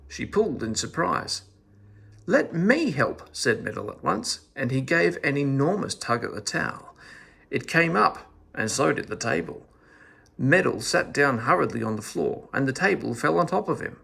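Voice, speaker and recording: A man reading a children's story aloud in an expressive, animated storytelling manner. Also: mid-range voice, vocal fry, husky.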